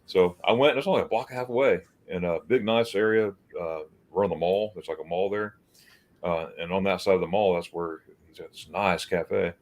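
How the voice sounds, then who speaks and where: Hosting a livestream chat, a man from the United States tells a rambling, loose story, often repeating words and acting out people's lines. His voice is deep and his pace brisk.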